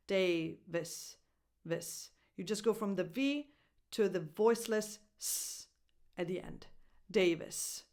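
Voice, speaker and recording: A woman coaching English pronunciation, repeating each word slowly and carefully and spelling out its sounds. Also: medium pitch. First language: Italian. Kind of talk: pronunciation lesson.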